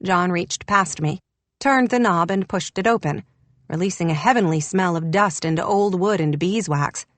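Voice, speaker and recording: A woman's voice: on the low side, normal speed, dry recording. A woman reading an audiobook in a wry, descriptive narration. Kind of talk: scripted narration.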